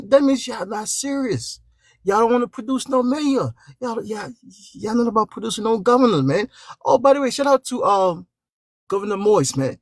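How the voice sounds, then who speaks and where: Man, live panel debate, mocking and emphatic, higher voice, dry close sound. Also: no room sound. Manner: mocking, emphatic, laughs between jabs. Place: at home.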